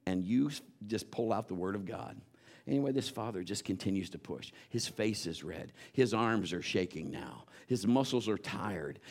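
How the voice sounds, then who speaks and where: A man preaching a sermon, telling a story and rising into loud exhortations. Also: on the low side.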